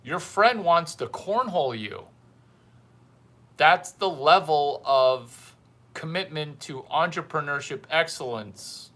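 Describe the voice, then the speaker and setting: Speaking slowly in a slightly high, animated, sharp-toned voice, a man acts as a mentor on his livestream. His casual monologue to viewers is blunt and teasing, with lines repeated for effect.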